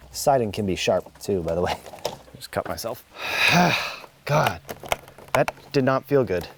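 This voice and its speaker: A man's voice: medium pitch, sing-song, a little slow, gravelly, long pauses, noisy background. A man hosting home repair videos, chatting casually and muttering in an exasperated, self-mocking way while he works outdoors.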